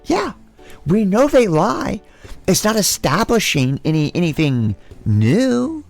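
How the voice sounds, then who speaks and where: A man hosts a casual podcast, recapping news with profane, animated commentary. His voice has a gravelly rasp and swings widely in pitch, sitting a bit higher than most men's. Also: takes it slowly, soft background music. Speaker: podcast host. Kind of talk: casual chat.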